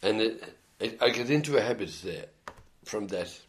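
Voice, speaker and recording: A man's voice: fairly low pitch, animated, normal speed. An older man with an Irish accent telling rambling stories in an oral history interview, full of hesitant restarts. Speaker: interviewee, former band musician.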